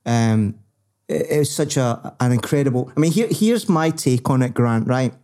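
A man's voice: medium pitch, expressive, normal speed, mellow. A man, talking in a thoughtful, casual way with many fillers. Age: 50s. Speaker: podcast co-host. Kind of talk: casual chat.

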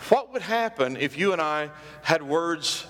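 A man's voice: on the high side, lively intonation, unhurried, bright, forceful tone. A man preaching a sermon as pastor, repeating phrases and calling out questions to the congregation. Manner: call-and-response preaching, repeats phrases for emphasis. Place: church sanctuary. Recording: long hall reverb.

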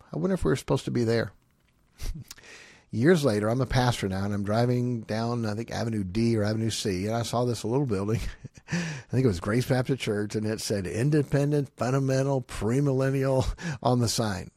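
A man who is a pastor, teaching parents with animated, emphatic personal storytelling. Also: medium pitch, moderate pace, dry recording, studio quality.

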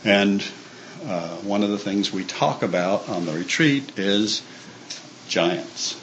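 A man's voice: on the low side, slow pace, fairly bright tone, dull audio, slight background noise. A man giving an informal sermon to a church staff group, conversational and full of fillers and restarts. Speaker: church speaker.

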